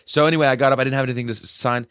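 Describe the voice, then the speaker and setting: Excitable young man, dry close sound. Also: medium pitch, rapid-fire, clean tone, no room sound. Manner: excitable, swearing, loud quoted outbursts. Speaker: concertgoer telling a story. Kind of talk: casual chat.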